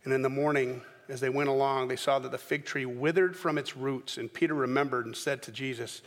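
A man preaching a sermon as pastor in a church sanctuary, animated, with dramatic bursts when he acts out scenes. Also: mid-range voice, fairly quick, big-room sound. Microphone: microphone.

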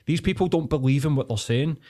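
A man's voice: on the high side, fast talker, a little mellow. A man hosting a podcast, talking bluntly and swearing a lot as he rants in casual chat. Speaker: podcast host.

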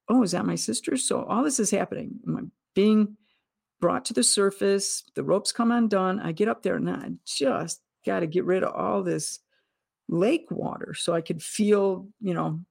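A woman's voice: fairly low pitch, gravelly, no echo, studio quality. A middle-aged woman telling her own story as a podcast guest, earnest and vivid, acting out what people said. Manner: earnest, vivid retelling with acted-out quotes. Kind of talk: personal storytelling.

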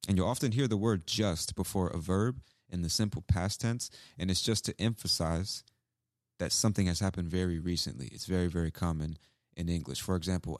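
Deep-voiced man teaching English phrases. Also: fairly quick, dry recording, clean studio sound. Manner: casual, repeats examples, acts out sample lines. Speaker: English teacher, podcast host. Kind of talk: explaining phrases from a clip.

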